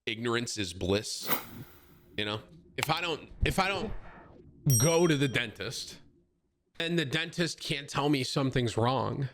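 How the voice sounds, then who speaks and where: A man's voice: medium pitch, animated, a little slow, pauses often, noisy background. A man in his thirties, a streamer chatting casually with his viewers and telling a rambling, joking story full of slang. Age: 30s.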